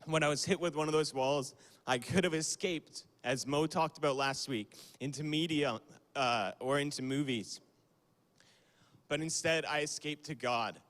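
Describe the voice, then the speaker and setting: A man's voice: fairly high pitch, moderate pace, a bit bright. A young man giving a casual, conversational youth sermon on a livestream, with fillers and small apologies. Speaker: youth speaker. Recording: long hall reverb.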